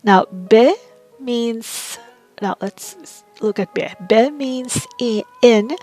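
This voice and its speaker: A woman's voice: mid-range voice, a little mellow, no echo. A woman teaching a language lesson, going through words one by one, repeating them patiently and checking in with "right?". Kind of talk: slow vocabulary lesson.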